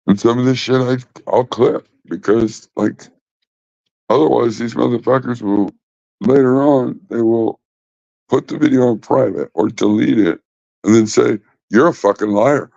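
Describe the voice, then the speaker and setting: A man's voice: medium pitch, unhurried, creaky, long pauses, dark tone, no room sound. A man hosting a casual livestream, rambling and swearing as he talks back to his chat. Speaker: livestream host. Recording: dull, lo-fi dry sound.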